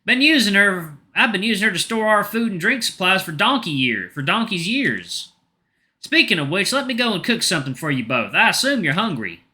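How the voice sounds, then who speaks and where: A big, cheerful male tiger bartender drawls in a put-on Southern accent, as a man voices him. The voice sits higher than a plain talking voice and comes out bright and lively. He sounds chatty and warm. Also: fairly quick, exaggerated voice. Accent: put-on American Southern.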